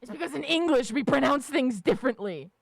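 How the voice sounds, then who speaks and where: A woman's voice: high voice, expressive, brisk, creaky, no room sound. A woman livestreamer chatting casually with her viewers, ranting with lots of swearing and frequent laughter. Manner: profane, ranting, laughs often. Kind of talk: casual live-stream chat.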